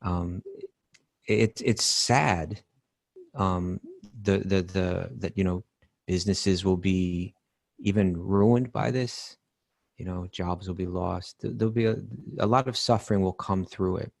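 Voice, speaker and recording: A man's voice: deep voice, fairly even intonation, takes it slowly, gravelly, no echo. A man co-hosting a podcast, talking in a hesitant, reflective way with many fillers. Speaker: podcast co-host. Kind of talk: casual chat.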